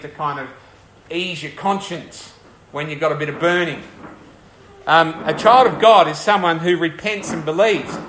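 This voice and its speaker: A man preaching a sermon with a slightly higher voice than most men. He talks earnestly and conversationally, often putting questions to the congregation. His voice rings through an echoey church hall. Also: fairly bright tone, a little hiss or hum. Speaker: pastor.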